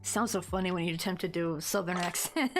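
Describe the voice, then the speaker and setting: With soft music behind her, a woman in her thirties chats casually on her crochet livestream, rambling with plenty of fillers and laughing easily. Her voice is fairly low in pitch, brisk, and a bit bright.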